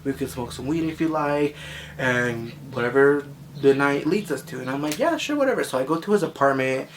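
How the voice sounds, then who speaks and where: A man's voice: medium pitch, moderate pace, a little hiss or hum. A young man telling a personal story in a chatty, sassy way, full of filler words. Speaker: vlogger. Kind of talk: casual storytime.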